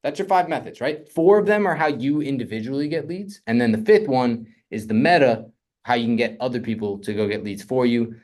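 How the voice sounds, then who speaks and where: A young man coaching on real estate funding in a casual, energetic teaching talk, often asking "right?". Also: mid-range voice, fairly quick.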